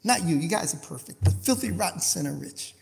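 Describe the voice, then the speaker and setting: A male preacher delivering an impassioned sermon. He fires rhetorical questions at the congregation and swings between hushed asides and loud outbursts. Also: a little high, expressive, brisk, creaky, long reverb tail, a little hiss or hum.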